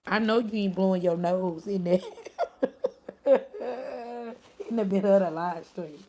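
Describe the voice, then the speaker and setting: A woman's voice: fairly low pitch, steady tone, a little fast, dark tone. A woman chatting casually on her live stream, laughing often and answering her chat.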